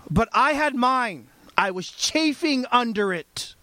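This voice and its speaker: A male pastor preaching a sermon in an animated, conversational storytelling way. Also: extremely high pitch, slow, dry recording.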